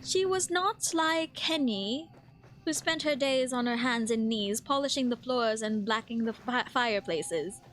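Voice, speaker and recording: A woman's voice: a little high, a little slow, fairly bright tone. A woman from the Philippines streaming a game, reading the story aloud in a put-on British accent and giggling often.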